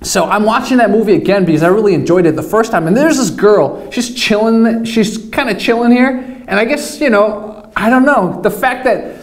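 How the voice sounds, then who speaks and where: A man's voice: sits high, moderate pace. A young man casually telling a rambling, self-mocking story with plenty of swearing. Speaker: vlogger. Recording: echoey room.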